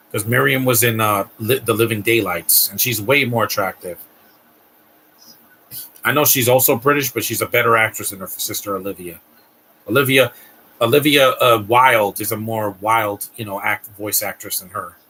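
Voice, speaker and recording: Guy on a live stream ranting about a movie, bright tense voice, keeps restarting his sentences. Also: on the low side, a little hiss or hum, low-quality recording. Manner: blunt, ranting critic with frequent restarts. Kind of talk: movie reaction commentary.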